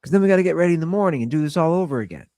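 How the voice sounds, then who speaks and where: American male podcast host in his thirties, lively casual rant, dry room. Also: very fast, dry recording. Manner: animated, acts out quotes in higher voices.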